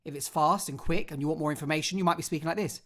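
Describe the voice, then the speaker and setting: Expressive drama teacher. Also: mid-range voice, racing. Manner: expressive, theatrical delivery; clear step-by-step instructions. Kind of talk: online drama lesson.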